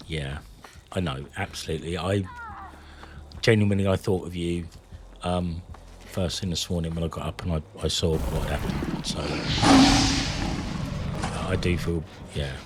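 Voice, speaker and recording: A man's voice: sits low, fairly even intonation, unhurried, pauses often, noisy background. A man chatting to his viewers while he streams a game, rambling and joking between rounds. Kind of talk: live gameplay commentary.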